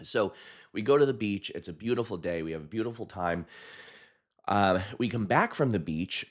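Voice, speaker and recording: A man, a hypnotist, telling a personal story in a chatty, animated way, with frequent laughs and fillers. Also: lowish voice, moderate pace. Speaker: hypnotist and video host.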